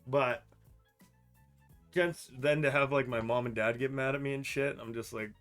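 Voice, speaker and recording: A young man from Idaho, co-hosting a podcast, telling stories in an animated, profane way and laughing as he talks. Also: mid-range voice, moderate pace, faint music behind. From Idaho, United States. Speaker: podcast co-host. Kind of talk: casual storytelling chat.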